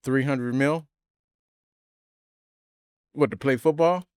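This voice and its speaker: An easygoing male co-host in casual podcast chat who laughs often. His voice sits in a mid pitch range. The recording is dry and close. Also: takes it slowly, a little mellow, smooth, no room sound.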